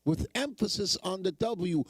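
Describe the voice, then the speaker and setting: A man's voice: sits high, animated, measured pace, slightly rough, no echo. A man hosting a show, giving sarcastic, emphatic commentary on news clips and repeating phrases for effect. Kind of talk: mocking live commentary.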